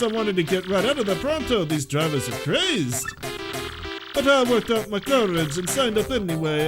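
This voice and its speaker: A man putting on a deliberately poor Italian accent to voice a boastful young plumber telling a story, chummy and calling the listener bro. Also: high-pitched. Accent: mock Italian. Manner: chummy, says bro a lot.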